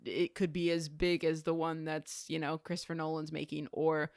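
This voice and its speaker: A woman's voice: low voice, level tone, normal speed, a little mellow, dry recording, studio quality. A young woman co-hosting a movie podcast, chatty and teasing in casual talk. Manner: chatty, laughs often, teasing. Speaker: podcast co-host. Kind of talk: casual chat.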